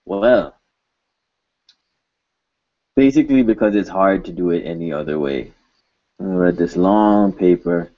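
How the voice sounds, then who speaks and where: A man talks through a recorded language lesson at a very slow, unhurried pace, his voice sitting fairly low. He keeps it informal and jokey and repeats example words slowly. The sound is dull and lo-fi. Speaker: language teacher.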